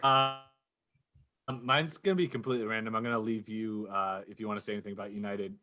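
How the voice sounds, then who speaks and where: A man who coaches soccer, a guest on a podcast, speaking in a halting, jokey way. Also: on the low side, fairly even intonation, bright, forceful tone. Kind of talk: casual roundtable chat.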